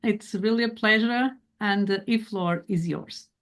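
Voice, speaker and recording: A woman moderating an academic webinar, reading a measured, formal introduction of the guest. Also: medium pitch. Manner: measured, reads a prepared introduction.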